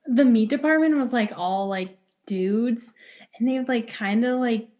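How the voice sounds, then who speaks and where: Young woman co-host, fairly high voice, rambly giggly chat. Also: a little slow, darkish tone, dull audio. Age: young adult. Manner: rambling, many "like" fillers, giggly. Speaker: podcast co-host. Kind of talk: casual chat.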